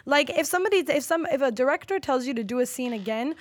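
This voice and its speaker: A woman co-hosting a podcast, speaking in an animated, opinionated way and giving advice. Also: high-pitched, quick pace, no echo. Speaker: podcast co-host. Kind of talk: casual chat.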